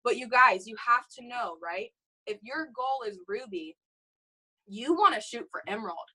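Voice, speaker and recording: Bright, punchy motivational woman. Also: on the high side, normal speed, slightly rough, low-quality recording. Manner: energetic, peppered with "okay?" and "you guys". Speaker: network marketing team leader. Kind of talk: motivational talk to a team.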